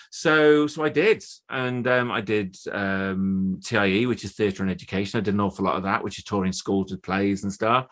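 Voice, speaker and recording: A man in his fifties, a guest actor telling stories in a chatty, animated way on a casual podcast. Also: lowish voice, moderate pace, hardly any pauses. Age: 50s. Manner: chatty, animated storyteller with many restarts.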